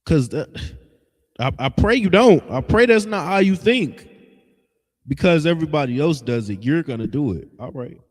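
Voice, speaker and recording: Male preacher-teacher, animated swooping delivery, blunt and scolding, reverberant hall sound. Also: on the high side, normal speed. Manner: blunt, scolding, emphatic with slangy asides. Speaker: religious teacher. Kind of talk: street-style preaching lesson.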